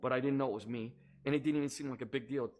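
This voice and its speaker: A man's voice: medium pitch, steady tone, a little mellow. Earnest man telling a personal testimony. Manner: earnest, measured, searching for words. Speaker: storyteller recounting a personal near-death experience.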